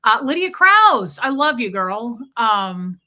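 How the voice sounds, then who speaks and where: A woman's voice: on the high side, sing-song, slow, bright, forceful tone. A woman hosting a casual livestream, chatting and joking while greeting viewers by name. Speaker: livestream host greeting chat.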